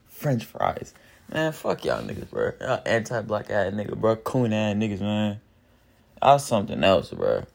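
Brief: male caller, gravelly low voice, angry mocking voicemail rant. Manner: heated, profane, mocking. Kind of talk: ranting voicemail.

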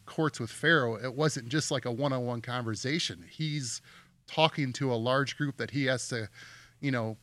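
A man's voice: mid-range voice, moderate pace, fairly bright tone, no room sound. A man co-hosting a casual Bible discussion, talking in a reflective, conversational way. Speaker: podcast co-host.

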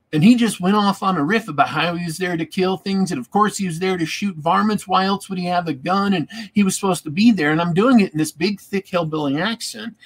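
A man's voice: high voice, slightly rough. A man in casual chat about tabletop gaming, rambling and repeating words as he thinks.

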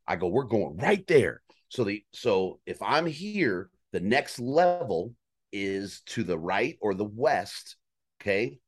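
Casual storyteller: man, low pitch, animated delivery, swears freely, acts out the action. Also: slow, husky. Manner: animated, profane, mimics elk calls. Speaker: guest storyteller on a hunting podcast.

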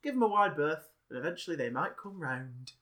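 A man's voice: fairly high pitch, animated, a little fast, bright, forceful tone, a little hiss or hum. A man co-hosting a casual podcast, rambling along and swearing offhandedly. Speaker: podcast co-host.

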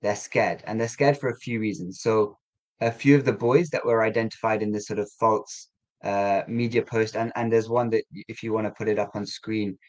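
A man speaking as an interview guest, explaining events in a measured, halting way with frequent fillers and restarts. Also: lowish voice, steady tone, rough recording. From England. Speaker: guest, community coordinator. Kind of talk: conversational interview.

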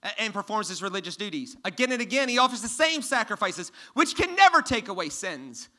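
His voice sitting high and sing-song, a pastor preaches to a congregation from a church stage at a fairly quick clip. He quizzes the people listening, alternating loud, emphatic lines with hushed ones.

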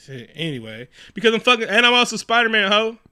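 Bright-voiced man riffing crudely. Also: sits high, fast talker, clean tone. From New York. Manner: profane, animated riffing with mocking quoted voices. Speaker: podcast co-host. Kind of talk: casual movie recap chat.

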